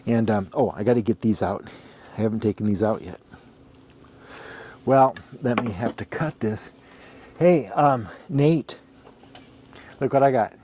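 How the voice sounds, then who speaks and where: A man's voice: on the low side, a little slow, pauses often, dark tone, slight background noise. A middle-aged man talking casually as he examines an ax handle, rambling and thinking aloud as he counts and points things out. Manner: rambling, talks to himself while counting and examining. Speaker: ax handle reviewer. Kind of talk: casual workshop show-and-tell.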